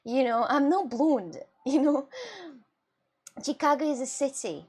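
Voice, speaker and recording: A woman's voice: high-pitched, lively intonation, measured pace, darkish tone, breathy edge. A young woman with a Russian and British mixed accent, chatting casually with her live-stream chat and laughing often.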